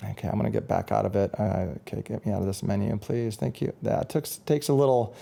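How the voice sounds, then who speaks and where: A man's voice: on the low side, steady tone, fast talker, vocal fry, dark tone. A man, a musician, giving a casual, rambling product review and often correcting himself mid-sentence. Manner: rambling, chatty, self-correcting.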